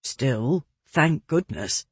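A man's voice: a little high, animated, very slow, husky, dry recording, heavily acted. A narrator voicing an earnest, eager police inspector man in an audiobook.

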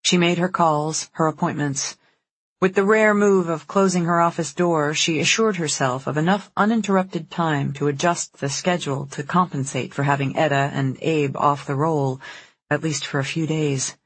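An audiobook narrator reading a novel in an even, unhurried storytelling manner. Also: mid-range voice, husky, dry recording. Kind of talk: scripted narration.

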